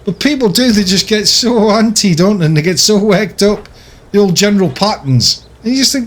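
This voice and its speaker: A man's voice: high-pitched, expressive, normal speed. A man giving casual, ranting commentary over his gameplay, chatty and often laughing. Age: older. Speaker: gaming YouTuber.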